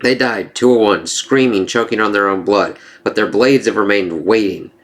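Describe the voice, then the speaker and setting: A man reading the lines of a menacing, grandiose vampire hunter in a flat, plain voice. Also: fairly low pitch, moderate pace, close to an everyday voice.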